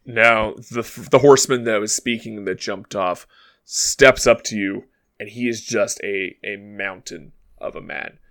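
Slow-talking male game master. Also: on the low side. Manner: relaxed, hesitant narration with fillers. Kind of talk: narrating a tabletop game.

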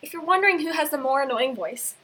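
A woman's voice: high-pitched, expressive, quick pace, a bit bright. A teenage girl co-hosting a casual podcast, giggly and self-mocking, laughing often, recorded without a proper microphone. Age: teens. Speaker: podcast co-host. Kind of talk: casual chat. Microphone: no microphone, built-in device mic.

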